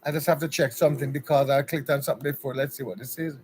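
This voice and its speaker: A man's voice: mid-range voice, steady tone, very fast, a little mellow, slight background noise, low-quality recording. A man with a Jamaican accent hosting a casual livestream, chatty and upbeat, greeting viewers one by one by name. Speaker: livestream host.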